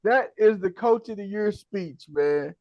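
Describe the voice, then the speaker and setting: A man's voice: sits high, animated, a little slow, dry recording, lo-fi sound. A man hosting a casual sports talk podcast, easygoing and slangy, laughing often and tagging sentences with "man". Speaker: podcast host. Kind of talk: casual chat.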